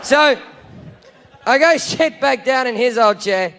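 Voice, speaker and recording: An Australian man doing stand-up, telling a crude, swearing story with bursts of shouting, recorded live over crowd noise. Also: very high-pitched, expressive, takes it slowly. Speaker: comedian. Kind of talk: stand-up comedy.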